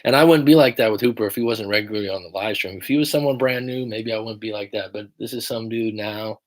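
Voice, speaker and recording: A man's voice: fairly low pitch, quick pace. A man coaching viewers on a livestream, blunt and emphatic, swearing often as he reads and answers their comments. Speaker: relationship coach.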